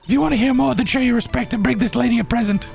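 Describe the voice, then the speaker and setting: A man's voice: very high voice, rapid-fire, vocal fry, darkish tone, faint music behind, voice pushed up, heavily acted. A man voicing a vain, pushy old woman who scolds and rambles, for a game playthrough. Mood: haughty, rambling.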